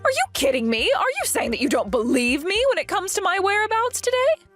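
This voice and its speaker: A woman's voice: on the high side, big pitch swings, normal speed, slightly rough, soft background music. A woman voicing a possessive, domineering middle-aged mother who speaks in an accusing, indignant way. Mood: defensive. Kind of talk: story narration drama.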